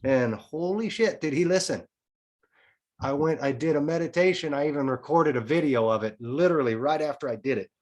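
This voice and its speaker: A man's voice: fairly high pitch, fairly quick. A man in his forties, a podcast guest telling a personal story in casual chat, frank and often swearing. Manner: frank, swears freely, tells a story in a lively way.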